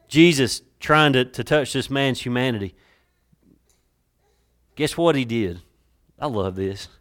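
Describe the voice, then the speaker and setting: Brief: male preacher, church sermon, dramatic swings from hushed to loud, mid-pitched voice. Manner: dramatic, varying loudness, drawn-out emphasis; repeats words and restarts while building a point. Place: church sanctuary. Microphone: worn mic.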